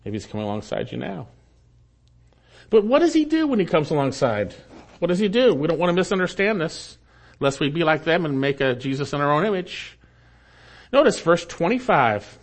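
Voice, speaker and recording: A man pastor preaching a sermon in an earnest style, climbing in pitch on emphatic points and falling low and quiet on asides. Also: big pitch swings, a little fast.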